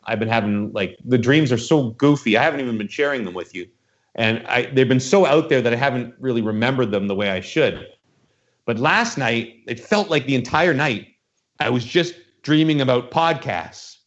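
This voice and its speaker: A man's voice: medium pitch, moderate pace. A man hosting a podcast in casual chat, rambling through a story and acting out the voices in it. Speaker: podcast host. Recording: dull lo-fi sound.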